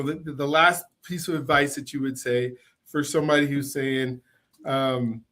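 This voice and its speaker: A man's voice: a little high, a bit bright. Encouraging man hosting an interview. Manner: supportive, rambling questions with many listening sounds. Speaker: podcast host. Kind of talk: casual interview conversation.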